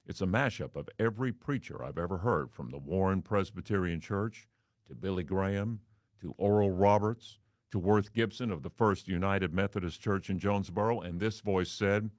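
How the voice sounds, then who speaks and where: A man with a baritone voice, hosting and telling a wry, theatrical story as a monologue. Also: normal speed, no room sound, clean studio sound. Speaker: radio and TV host.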